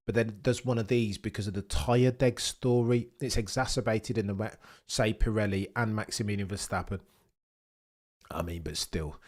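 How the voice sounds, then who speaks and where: A British man hosting a live race watchalong, chatting with viewers in a cheeky way and swinging between loud excited bursts and low mutters. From United Kingdom. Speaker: livestream host.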